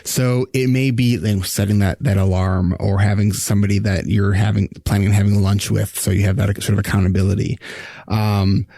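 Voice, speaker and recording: A man's voice: lowish voice, little pitch movement, fairly quick, creaky, mellow, no echo. A man hosting a live Q&A podcast as a coach, talking casually with many fillers and restarts. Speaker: podcast host and ADHD coach.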